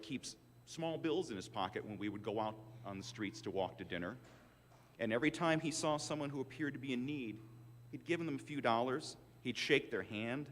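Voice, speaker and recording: An older man in his sixties speaks at a commencement in a medium-pitched, fairly bright voice, with a little hiss or hum on the recording. He tells wry, self-deprecating stories, and the large auditorium's PA adds hall reverb.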